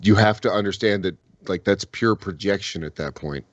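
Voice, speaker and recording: A man's voice: deep voice, normal speed, dry recording, muffled recording. A man talking loosely and profanely in a casual podcast panel chat, rambling through his points.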